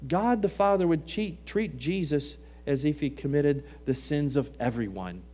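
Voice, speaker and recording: A male preacher with a slightly high voice delivers a sermon. He drops to near-whispers for solemn points and rises to forceful emphasis, and he recites scripture in archaic phrasing. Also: a little slow, few pauses. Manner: dramatic swings between hushed and raised delivery; quotes scripture in old-fashioned wording.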